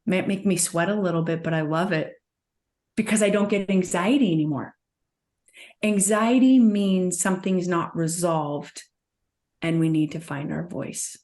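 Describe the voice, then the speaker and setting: A woman working as a somatic trauma practitioner, talking as an interview guest in an earnest, soothing way and guiding with gentle prompts. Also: fairly low pitch, a little slow. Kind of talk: guest in conversation, gentle coaching.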